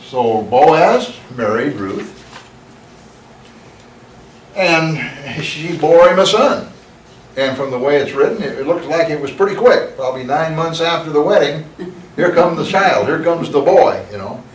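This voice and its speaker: A man teaching a Bible lesson at a deliberate, unhurried pace. His voice sits a little high for a man, and he lingers on scripture before slipping into casual asides. He is recorded from a distance in an echoey room, with faint noise underneath. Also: animated. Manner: slow, emphatic reading with conversational asides. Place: church room.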